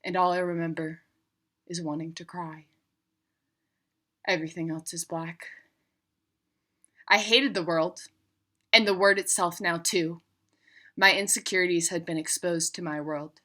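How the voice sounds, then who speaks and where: Woman narrating a personal story, bright voice. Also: lowish voice, steady tone. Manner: reflective, measured storytelling.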